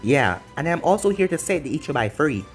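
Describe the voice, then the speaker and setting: A man's voice: a little high, big pitch swings, a little fast. A man doing a smug cocky young ninja. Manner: smug, taunting. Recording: faint music behind.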